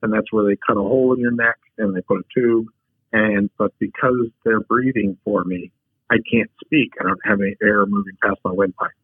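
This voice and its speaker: A man, a podcast guest, telling personal stories in a humorous, unhurried, casual way. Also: fairly low pitch, fairly even intonation, breathy edge, no room sound. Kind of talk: casual storytelling. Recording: dry, tinny phone-like line.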